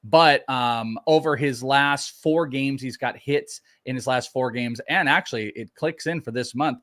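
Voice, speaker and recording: A man co-hosting a live sports podcast, giving blunt, animated opinions in casual banter. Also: mid-range voice, measured pace. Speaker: fantasy baseball co-host.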